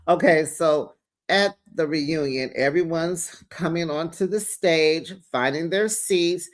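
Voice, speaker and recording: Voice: medium pitch, slow pace. A sassy host doing a casual gossipy recap of a reality show, calling viewers besties and child.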